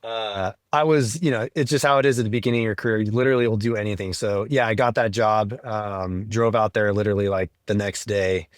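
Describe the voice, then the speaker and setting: A man, a helicopter pilot guest on a podcast, talking about his career in a relaxed way full of fillers. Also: on the low side, fairly quick, few pauses, no room sound, studio quality. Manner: relaxed, filler-heavy, quoting himself. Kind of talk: casual interview chat.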